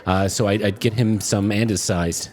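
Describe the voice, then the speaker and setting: A man casually describing his character's actions in a tabletop game, easygoing with many pauses. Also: fairly low pitch, fairly even intonation, darkish tone, a little hiss or hum. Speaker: player. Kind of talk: tabletop game player chat.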